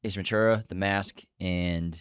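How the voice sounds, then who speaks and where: A man's voice: sits low, steady tone, measured pace, clean tone, no echo, clean studio sound. A man co-hosting a podcast, a playful quizmaster who laughs often in casual chat. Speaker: podcast co-host.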